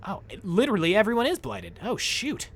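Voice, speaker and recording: A man streaming a video game, talking casually with his viewers in a loud, jokey, excitable way. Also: high-pitched, brisk. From United States. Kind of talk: casual live-stream commentary. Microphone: desk microphone.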